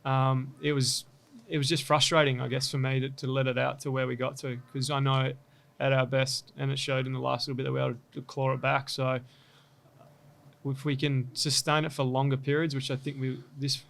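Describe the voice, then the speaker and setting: A young man answers questions plainly and briefly, his voice gravelly with fry. He speaks in a flat, even tone with little rise and fall. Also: mid-range voice, brisk. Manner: short, matter-of-fact answers. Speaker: guest footballer. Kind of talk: casual interview answers.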